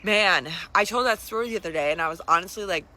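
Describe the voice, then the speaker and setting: A woman's voice: medium pitch, quick pace, pushed and bright. A young woman telling a personal story in a chatty, casual way, full of asides and "like". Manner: chatty, lots of "like", dramatic asides. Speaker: vlogger.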